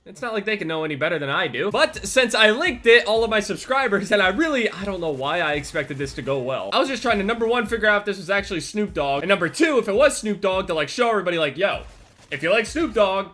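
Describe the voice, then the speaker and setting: A young man telling a story to his channel in an animated, profane way, his loudness swinging wildly. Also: sits high, quick pace, hardly any pauses. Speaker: YouTuber. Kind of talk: storytelling vlog.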